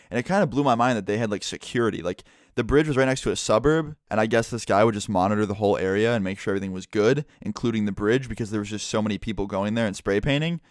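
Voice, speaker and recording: A young man telling a story in a blunt, animated way, swearing at times. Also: on the low side, quick pace, few pauses, no echo, clean studio sound. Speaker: vlogger. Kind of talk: casual storytime.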